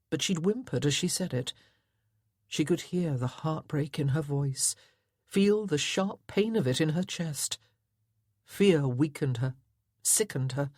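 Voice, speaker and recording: A woman's voice: low-pitched, darkish tone, no room sound, clean studio sound. A woman narrating a historical romance audiobook in a dramatic, tense storytelling manner. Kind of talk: scripted narration.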